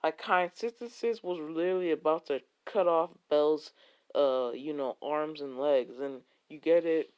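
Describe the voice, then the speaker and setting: A man's voice: on the high side, a little mellow. A man telling an improvised fan fiction story, rambling and full of filler words.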